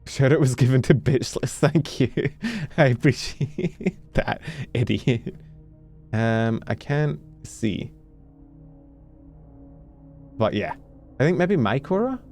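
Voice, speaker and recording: A man's voice: mid-range voice, lively intonation, slow pace, pauses often, darkish tone, soft background music. A young man from the UK, a streamer chatting casually and rambling in a jokey, self-mocking way while he plays. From United Kingdom. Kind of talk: casual chat while gaming.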